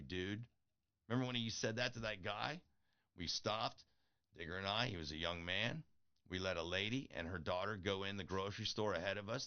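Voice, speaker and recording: A man's voice: lowish voice, pushed and bright. A middle-aged man talking earnestly to his viewers in a casual motivational vlog, pleading and encouraging. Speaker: streamer. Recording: dull lo-fi audio.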